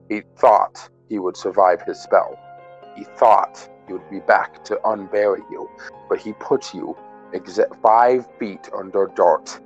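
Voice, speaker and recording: A man with a low voice runs a tabletop game as game master. He narrates dramatic scenes and often breaks into laughter. His voice comes through a dull, muffled voice-chat line. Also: darkish tone.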